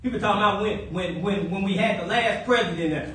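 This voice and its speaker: A man preaching a sermon, animated and playful, breaking into high whoops and chuckles. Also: fairly quick, few pauses, a little hiss or hum. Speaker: pastor. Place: church sanctuary. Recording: echoey church from a distant mic.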